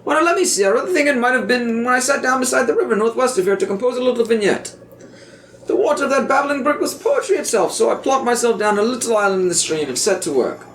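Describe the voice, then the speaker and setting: A man doing a plummy pompous old gentleman. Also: extremely high pitch, lively intonation, fast talker, echoey room, slight background noise, full character voice. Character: pompous posh older male gentleman traveller.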